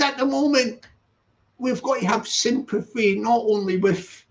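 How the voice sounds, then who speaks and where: With an extremely high voice and a slightly slow pace, a man chats casually on his own live stream. He rambles, self-corrects, and reads the chat aloud, while the sound is dull and lo-fi.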